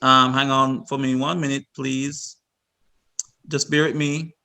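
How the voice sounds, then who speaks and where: A man's voice: mid-range voice, flat delivery, slow pace, sharp tone. A man presenting a virtual workshop to parents over a video call, instructive and repeating himself with many restarts.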